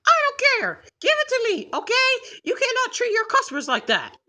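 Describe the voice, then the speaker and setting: Toad, a woman doing a shrill excited mushroom kid. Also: moderate pace, exaggerated voice. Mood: indignant. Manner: whiny, impatient, demanding. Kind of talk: plush toy skit.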